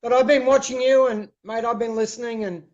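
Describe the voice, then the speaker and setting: A man's voice: very high-pitched, steady tone, a little fast. A man from New Zealand with a New Zealand accent, a guest on a video call, talking earnestly and often saying mate. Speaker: livestream guest. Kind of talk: casual call-in chat. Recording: dull lo-fi video call audio.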